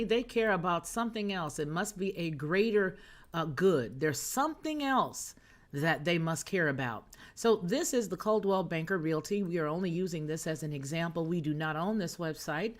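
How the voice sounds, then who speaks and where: A woman's voice: lowish voice, expressive, normal speed. A woman hosting a news and chat livestream, talking to her viewers in a sassy, emphatic way as she reads their comments. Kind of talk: casual chat, reading chat comments.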